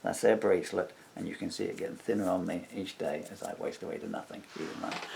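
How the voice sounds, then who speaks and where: A man's voice: deep voice, steady tone, quick pace, creaky, few pauses, heavy background noise. A man telling a long grievance in a personal vlog, rambling and indignant, acting out what others said. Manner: indignant, rambling retelling with acted-out quotes. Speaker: vlogger.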